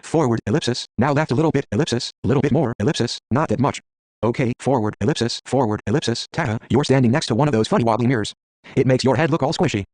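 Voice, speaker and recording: A man's voice: medium pitch, quick pace, darkish tone, no room sound, close to an everyday voice. A man voicing a cheerful, easily distracted female wisp spirit in a story game, close to his own voice. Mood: cheerful guiding.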